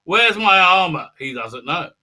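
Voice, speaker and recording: A man's voice: high voice, sing-song, a little slow, pushed and bright. A man hosting a livestream who recaps a show casually, rambling with many fillers and jumping into silly voices. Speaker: host of a fan commentary livestream. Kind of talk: casual recap with mocking impressions.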